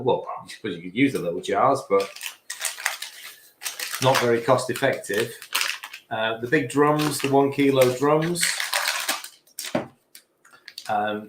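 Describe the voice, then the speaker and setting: A man's voice: medium pitch, reverberant, noisy background. A man hosting a live cooking stream from his home kitchen, chatting in a rambling, self-correcting way. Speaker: host of a cooking livestream. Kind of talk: casual live cooking chat.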